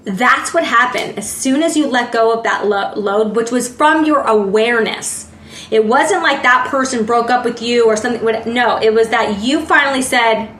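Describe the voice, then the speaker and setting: A woman's voice: fairly high pitch, normal speed, fairly bright tone, slight background noise. A woman giving a casual tarot reading in a chatty way, often filling with "like" and searching for words. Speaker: tarot reader. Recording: roomy echo.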